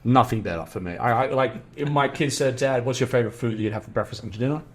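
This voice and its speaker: A middle-aged man with an Australian accent, a podcast guest telling a story in a casual, animated way, acting out the voices of the people he quotes. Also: medium pitch, quick pace, slight background noise. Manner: animated, acts out quoted dialogue.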